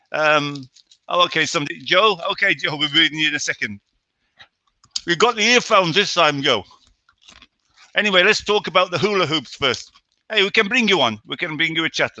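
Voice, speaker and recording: A man's voice: fairly high pitch, expressive, a little fast, bright, forceful tone, no room sound. An English man hosting a casual live stream chat from home, chatty and greeting his viewers by name. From England. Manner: chatty, reads out viewer names.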